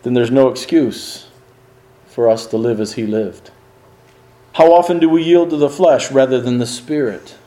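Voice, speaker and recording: A man preaching a sermon in an earnest, emphatic way, swinging his pitch and pace to stress his points. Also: moderate pace, mellow, roomy sound, low-quality recording.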